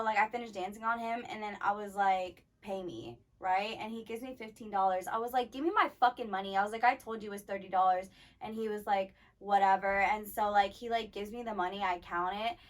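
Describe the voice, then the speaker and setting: A woman's voice: mid-range voice, fairly even intonation, a little fast. A woman in her twenties co-hosting a podcast, telling blunt, profane stories in casual chat, full of "like". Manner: blunt, profane storytelling, heavy filler "like". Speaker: podcast co-host.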